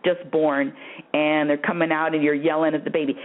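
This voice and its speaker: A woman hosts a spiritual advice call-in radio show, answering callers with emphatic repetition and calling them honey and dear. Her tone is generally level and a little fast, but swoops high when she stresses a point, and she laughs often. The audio is narrow and phone-like.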